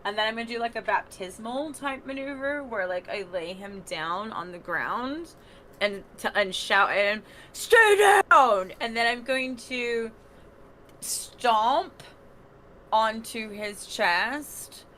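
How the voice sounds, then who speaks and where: A woman playing a tabletop wrestling game, unhurried and giggly, thinking aloud as she describes her moves. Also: on the high side, bright, forceful tone, a little hiss or hum. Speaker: player. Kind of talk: casual tabletop role-play.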